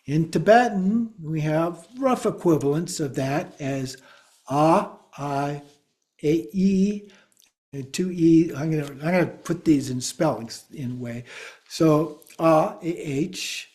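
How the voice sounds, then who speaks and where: A man teaching a class, speaking slowly and deliberately and spelling words out letter by letter. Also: fairly high pitch, a little mellow. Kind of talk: class lecture.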